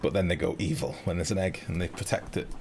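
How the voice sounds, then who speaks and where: A young man commentating casually on a live game stream, chatty and excitable, swearing freely and talking to his chat. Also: low-pitched, quick pace, a little hiss or hum.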